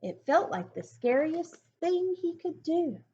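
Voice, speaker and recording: Slow, lively woman reading a picture book. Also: very high-pitched, lo-fi sound. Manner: slow, sing-song rhyming delivery with chatty asides. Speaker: storybook reader.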